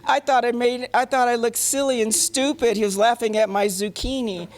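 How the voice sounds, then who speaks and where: An older woman, a panel guest, telling a comic story and slipping into gruff male voices for the quotes. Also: on the high side, fairly even intonation, moderate pace. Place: convention panel room.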